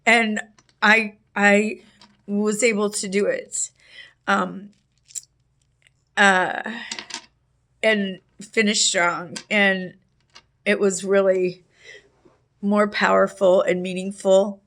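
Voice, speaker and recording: A middle-aged woman tells a personal story at an unhurried, slow pace. She rambles, with lots of fillers and restarts. Her allergies make her clear her throat now and then, and her pitch sits in the middle. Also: little pitch movement, fairly bright tone. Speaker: vlogger telling a personal story. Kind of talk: casual storytelling monologue.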